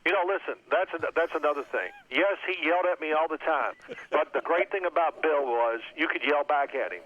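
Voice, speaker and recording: A man in his sixties, a former quarterback, telling lively football anecdotes and acting out his old coach's yelling. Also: on the high side, brisk. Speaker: former NFL quarterback guest. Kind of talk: storytelling phone interview. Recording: tinny phone line.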